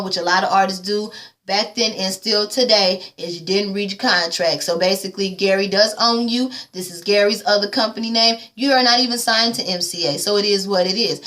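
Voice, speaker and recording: A woman's voice: mid-range voice, pushed and bright. A woman vlogger giving a casual, profane movie recap and acting out the characters' lines.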